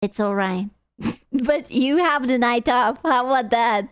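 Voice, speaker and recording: A woman streamer giving casual, animated reaction commentary, gasping and laughing as she talks. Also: fairly high pitch, measured pace, clean tone, no echo. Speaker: VTuber streamer reacting to videos.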